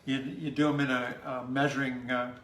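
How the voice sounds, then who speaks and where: A man's voice: mid-range voice, level tone, normal speed, fairly bright tone, roomy sound. A man co-hosting a casual cooking stream from a home kitchen, explaining steps with many fillers. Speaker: cooking show co-host. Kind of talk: casual recipe instructions.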